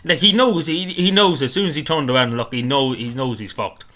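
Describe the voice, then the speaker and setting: Fast, bright-voiced indignant man. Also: mid-range voice. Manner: rambling, repetitive, indignant. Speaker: political commentator. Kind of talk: casual commentary on a video clip.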